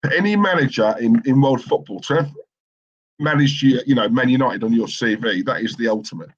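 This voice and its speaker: A man's voice: mid-range voice, fairly quick, lo-fi sound. A man co-hosting a live football watchalong stream, chatting casually and reading out viewer comments in a rambling, opinionated way with lots of fillers and restarts.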